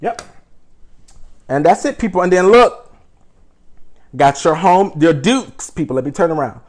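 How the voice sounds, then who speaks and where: A young man runs a live home cooking demonstration in a slightly high-pitched voice. He chats steadily with his viewers and brags a little about his skills in a playful way. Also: expressive, measured pace. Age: young adult. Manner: chatty, keeps calling the viewers "people", playfully boastful. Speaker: home cook host.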